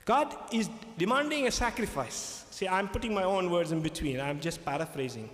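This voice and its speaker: A man's voice: high voice, lively intonation, moderate pace. Emphatic male preacher in an echoey hall. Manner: emphatic, repetitive, checks in with "okay?". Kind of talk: sermon.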